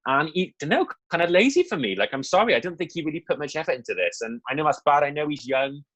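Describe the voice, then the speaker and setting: A man's voice: a little high, animated, quick pace, fairly bright tone, poor audio. A young man co-hosting a film review show, talking casually and candidly with lots of asides and fillers.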